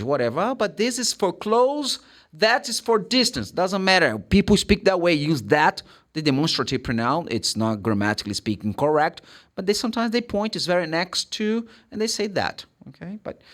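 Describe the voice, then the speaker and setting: A middle-aged man from Brazil with a Brazilian Portuguese accent, teaching English in a casual spoken lesson and spelling words out slowly letter by letter. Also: fairly high pitch, a bit bright.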